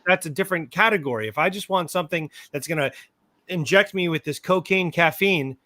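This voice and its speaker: A man's voice: on the high side, a little fast, sharp tone, dry recording. Wry man co-host, dry close sound. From New York. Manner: wry, rambling anecdotes with mild cursing. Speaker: podcast co-host. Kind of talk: casual chat.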